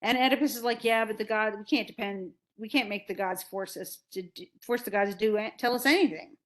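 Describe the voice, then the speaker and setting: A woman teaching literature in a loose, conversational lecture. She slips in and out of the characters' voices as she retells the story. Her pitch sits at an ordinary middle level for a woman. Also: fairly quick. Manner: casual, acts out characters' lines in paraphrase. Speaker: literature instructor. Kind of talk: recorded lecture retelling a play.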